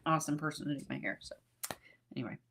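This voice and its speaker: A woman's voice: deep voice, rapid-fire, gravelly, crowd noise. A woman co-hosting a casual livestream chat, greeting viewers by name and laughing often. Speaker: co-host, author.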